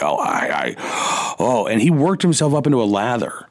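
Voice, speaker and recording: A man hosting a radio talk show, musing in a halting way with many fillers, wry and indignant. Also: mid-range voice, huge pitch swings, gravelly. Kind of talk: casual radio monologue. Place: radio studio.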